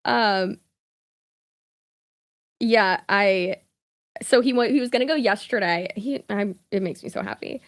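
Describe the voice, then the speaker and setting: A woman's voice: a little high, animated, measured pace, long pauses. A woman, chatting casually on a live stream with lots of asides, fillers and laughter. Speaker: vlogger.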